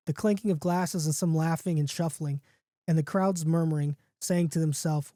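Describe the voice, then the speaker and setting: Brief: podcast host, man, reads a comic horror story in a mellow, relaxed voice with a dry sound. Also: on the high side, normal speed, dry recording. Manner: casual, jokey, with restarts and asides.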